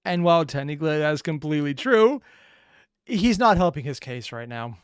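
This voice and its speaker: A male reaction host trades sarcastic jokes as he comments on a story. His voice is smooth and crisp, sits a bit high, and is recorded close and dry with no room sound. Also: expressive, normal speed, no room sound. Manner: sarcastic, joking asides. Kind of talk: casual commentary.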